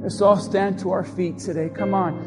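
Man, pastor, impassioned altar call, very high voice, long church reverb, faint music under. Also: fairly even intonation, normal speed. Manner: impassioned, repetitive preaching cadence. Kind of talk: altar-call sermon and led prayer. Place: church sanctuary.

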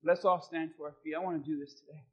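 A high-voiced, husky pastor preaches a sermon from the pulpit, shifting from a quiet, measured reading tone into loud, fervent exhortation. His delivery is dramatic and insistent despite fairly even intonation, and the audio sounds dull.

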